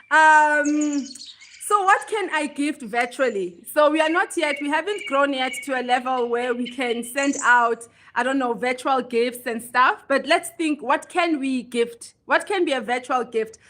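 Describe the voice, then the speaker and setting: A woman with a high voice hosts a relaxed livestream. She chats to her viewers, reads out their comments and laughs easily at herself. A faint hiss of noise sits behind her. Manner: chatty, reads and answers viewer comments aloud; laughs easily, self-deprecating. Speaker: livestream host. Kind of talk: casual livestream chat.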